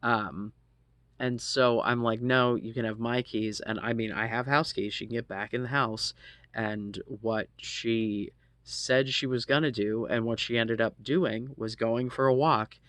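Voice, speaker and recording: Low voice, thirties, rambly casual story with um and swearing, super dry close mic. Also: steady tone, a little slow, a bit bright, no echo. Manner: rambling with many ums and asides, swears freely.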